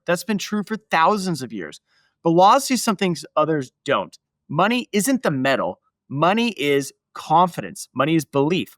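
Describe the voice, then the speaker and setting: A man's voice: a little high, no room sound. A man hosting a podcast, narrating history in a casual, emphatic way with asides to his listeners. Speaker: podcast host.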